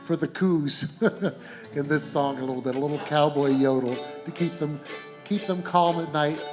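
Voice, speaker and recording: Man, middle-aged, folk performer, easygoing rambling story, stage mic, reverberant hall, soft instruments behind. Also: fairly high pitch, fairly even intonation, moderate pace, over music. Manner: gentle, chuckling, meandering anecdotes. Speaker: folk musician telling a story between songs. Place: live concert venue stage.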